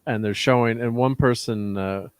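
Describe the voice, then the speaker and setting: A man's voice: mid-range voice, steady tone, normal speed, smooth, dry recording. A man hosting a live stream, chatting casually and reading out the live chat.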